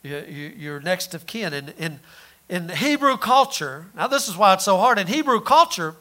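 A male preacher with a very high, bright voice delivers a sermon in a folksy manner. He stumbles over repeated words and fires off rhetorical questions. His volume swings from loud declarations down to near-murmurs. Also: sing-song, normal speed.

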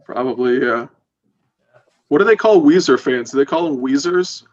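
A man's voice: mid-range voice, lively intonation, moderate pace, muffled recording. A laid-back man chatting casually as a podcast co-host, laughing easily. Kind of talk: casual chat.

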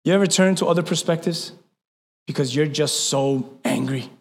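Male pastor, high and bright-toned, lively emphatic preaching, reverberant church hall. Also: normal speed. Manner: animated preaching, swings from loud emphatic to hushed. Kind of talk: sermon.

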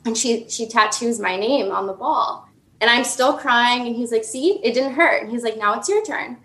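A woman in her twenties recounts a personal dream in a fairly high, bright voice at a moderate pace. She rambles emotionally, leaning heavily on "like" and restarting sentences, and the recording has noticeable reverb.

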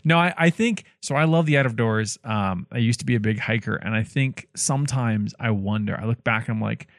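A man's voice: mid-range voice, fairly quick, no room sound, studio quality. A man co-hosting a podcast, chatting casually and playfully while he steers the conversation with questions. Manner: playful, animated, leads the questions. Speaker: podcast co-host.

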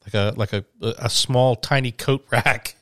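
A man's voice: mid-range voice, steady tone, measured pace, fairly bright tone, no room sound, clean studio sound. A man telling travel stories in a casual podcast chat, rambling with lots of restarts and fillers. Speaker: podcast host, touring musician.

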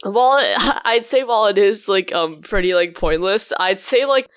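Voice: mid-range voice, normal speed, fairly bright tone, smooth, no room sound, clean studio sound. A co-host in a casual film review, rambling with many fillers such as "like" and "um". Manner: rambling, heavy use of "like" and "um".

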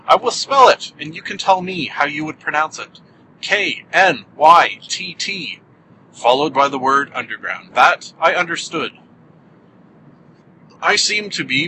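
A man with a slightly high, sharp-toned voice does a casual solo podcast while driving, and the rough recording picks up engine and road hum. He keeps up a wry, joking, self-mocking tone throughout.

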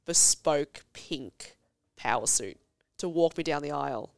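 A woman's voice: low voice, lively intonation, measured pace, creaky, dry recording. A woman in her thirties, a podcast guest chatting casually and telling stories with laughter and expression. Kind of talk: casual chat.

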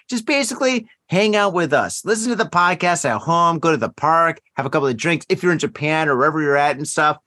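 Tipsy rambling podcast host, dry mic. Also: male voice, on the high side, fairly quick, few pauses, dry recording. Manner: rambling, filler-heavy, tipsy and relaxed. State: tired and a little drunk. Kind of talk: casual late-night podcast chat.

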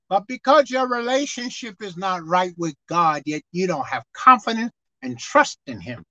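A male preacher with a strikingly high, bright voice preaches with passion, dropping to low murmurs and then rising to near-shouts. His manner is folksy and conversational. The sound is dry and close to the mic. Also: sing-song, moderate pace, no echo, dull audio. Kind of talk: sermon.

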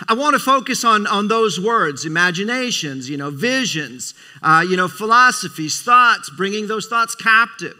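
Bright-toned, high-voiced male preacher. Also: expressive, normal speed, few pauses. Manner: emphatic, calls for amens, repeats phrases. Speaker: preacher, Christian school leader. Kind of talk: sermon.

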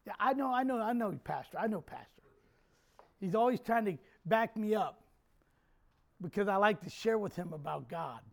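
A male pastor preaching a sermon to his church, animated, swinging from quiet jokey asides to loud shouts. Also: high voice, moderate pace, vocal fry, pauses often.

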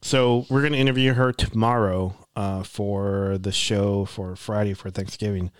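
A man's voice: fairly low pitch, steady tone, measured pace, clean tone, no room sound, studio quality. Laid-back man hosting a podcast. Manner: easygoing, laid-back, with many fillers. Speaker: podcast host. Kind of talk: casual chat.

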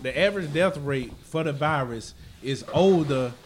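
A man's voice: on the high side, normal speed, slight background noise. A man co-hosting a podcast in a bar, arguing bluntly and laughing through profane banter. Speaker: podcast co-host.

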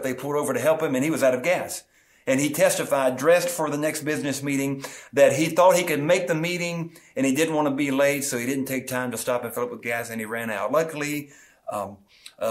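A middle-aged man, a pastor, preaching a sermon in an earnest way, stretching key words slowly for emphasis. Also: mid-range voice.

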